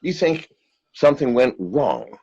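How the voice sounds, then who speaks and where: A man's voice: medium pitch, wildly swooping pitch, a little slow, warm tone, husky, lo-fi sound. A man giving a casual interview, blunt and profane, and laughing often. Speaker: interview guest.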